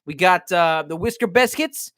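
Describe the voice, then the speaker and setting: A man from Baltimore ranting drunk and profane on a livestream, reading chat, swinging between yelling and muttering. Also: sits high, expressive, moderate pace, no room sound, studio quality. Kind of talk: casual livestream rant.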